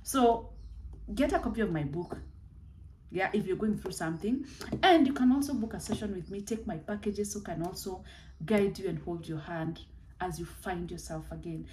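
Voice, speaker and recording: A woman's voice: mid-range voice, expressive, normal speed, darkish tone, a little hiss or hum, rough recording. A woman, a life coach giving a heartfelt motivational talk and repeating phrases for emphasis. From Kenya.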